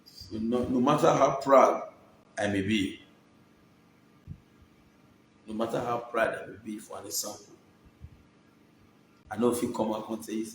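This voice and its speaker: A man with a Nigerian accent, a vlogger casually thanking his viewers by name, shifting between low murmured thanks and sudden loud excited bursts. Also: normal speed, long pauses, reverberant, slight background noise, rough recording. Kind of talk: casual Pidgin-laced shout-outs.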